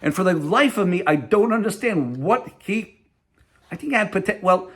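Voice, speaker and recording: A man's voice: high voice, animated, moderate pace, a bit bright. A middle-aged man, a company CEO, speaking to viewers directly in a protest vlog, emphatic and indignant.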